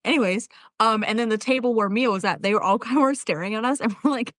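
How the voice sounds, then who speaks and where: A woman co-hosting a podcast, telling stories in a casual chat, animated and laughing often. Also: a little high, quick pace, hardly any pauses, no echo. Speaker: podcast co-host.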